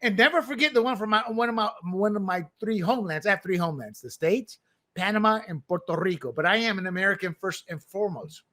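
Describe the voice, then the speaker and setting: A man's voice: sits high, fast, pushed and bright. A man hosting political commentary, delivering opinions in a combative, emphatic and scornful way.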